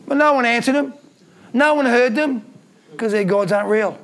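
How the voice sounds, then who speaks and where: Very high-voiced male preacher. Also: normal speed, a bit bright. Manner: emphatic, repeats phrases, asks the audience rhetorical questions. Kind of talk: sermon with scripture reading.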